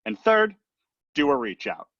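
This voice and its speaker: A man's voice: on the high side, sing-song, unhurried, creaky, a bit bright, no room sound, muffled recording. A man giving a casual training talk on recruiting, chatty and often checking in with the listener. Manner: chatty, leans on "right?" and "um" as he talks. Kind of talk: casual presentation.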